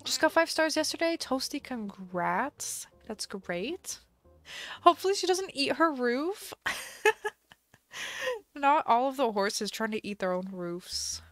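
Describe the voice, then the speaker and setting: Woman, live game streamer, unhurried chatty speech, indecisive musing, dry close sound. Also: sits high, very animated, a bit bright, no room sound, faint music behind. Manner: thinks aloud, indecisive, chatty.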